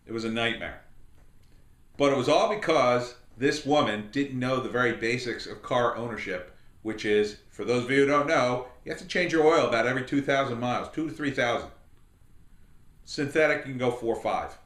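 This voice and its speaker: A man's voice: medium pitch, normal speed, reverberant. A middle-aged man hosting a podcast, telling a long anecdote in a casual, rambling way. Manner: rambling anecdotal, animated quoted voices. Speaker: podcast host. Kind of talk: casual storytelling commentary.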